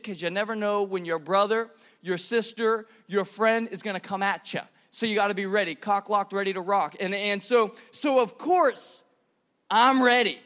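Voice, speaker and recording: Young man, high-pitched voice, church sermon, casual slang, stumbles over sentence starts. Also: fairly bright tone. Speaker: preacher.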